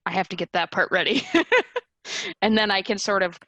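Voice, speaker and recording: A woman's voice: mid-range voice, moderate pace, a bit bright, no echo, poor audio. A woman on a panel of game masters, talking casually with many fillers and light laughs. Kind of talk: panel discussion chat.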